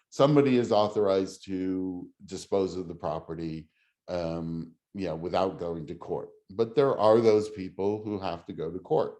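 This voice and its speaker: A middle-aged man leading a real estate class, talking slowly in a fairly low voice. He teaches casually and haltingly, full of ums and restarts. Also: a little mellow. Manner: halting, many fillers and restarts. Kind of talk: casual teaching over video call.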